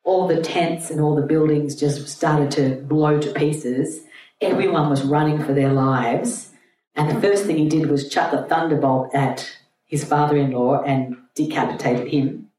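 A woman's voice: low-pitched, steady tone, unhurried, mellow. A woman teacher retelling a myth to a group in a chatty, irreverent storytelling way. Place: room with an audience. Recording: roomy, distant mic, faint hum.

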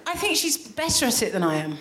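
A woman's voice: fairly high pitch, quick pace. A woman in her forties doing stand-up comedy on a live stage, acting out quotes and laughing often. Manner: animated, acts out mock quotes, laughs often. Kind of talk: stand-up comedy and casual chat. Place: live stage before an audience. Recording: echoey live venue with loud noise.

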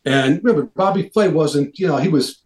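Man telling lively stories over an echoey call. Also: on the high side, a little fast. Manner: animated anecdotes, acts out quoted voices. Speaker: interview guest. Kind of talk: casual storytelling.

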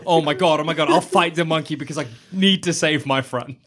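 A man chatting casually about a movie with friends, animated and laughing often. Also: on the high side, fairly quick. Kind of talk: casual chat.

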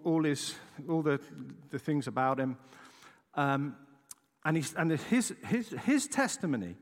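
A middle-aged English man preaching, telling a story dramatically and checking in with the listeners as he goes. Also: on the high side. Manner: animated, dramatic storytelling with frequent "right?" asides. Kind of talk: storytelling sermon. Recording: long hall reverb.

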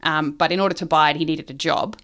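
A woman's voice: deep voice, fairly even intonation, fast talker, fairly bright tone. Giggly woman rambling through a joke. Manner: giggly, rambling, with many ums and restarts. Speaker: joke teller. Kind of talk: casual chat telling a long shaggy dog joke.

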